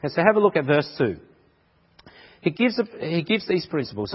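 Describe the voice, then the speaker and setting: A man's voice: a little high, very animated, moderate pace, pauses often, slightly rough. A man preaching a sermon in an emphatic, repetitive rhetorical style, recorded with muffled sound and a long echo. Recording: muffled audio with long hall reverb.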